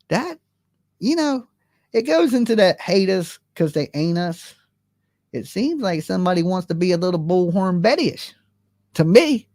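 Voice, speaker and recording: A commentary streamer with a high-pitched male voice, recorded dry with clean studio sound, delivers casual, profane commentary. His animated storytelling is packed with asides and rhetorical questions.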